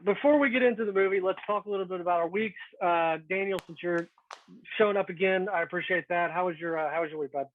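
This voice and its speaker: A man's voice: sits high, fast talker, phone-quality sound. A man co-hosting a casual podcast chat, joking and laughing with friends. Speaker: podcast co-host.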